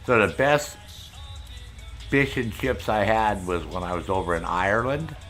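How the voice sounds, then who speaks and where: A middle-aged man with a lowish voice hosts a loose, rambling chat with his viewers. He swears freely as he spins his stories. Faint music plays underneath. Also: lively intonation, unhurried, a bit bright. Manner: profane, rambling storyteller. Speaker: streamer host. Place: Maine, United States.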